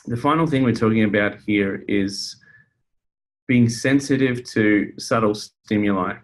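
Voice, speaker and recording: A counselor presents a casual teaching webinar in a conversational style, full of fillers and restarts. His voice is lowish and his pace a little slow.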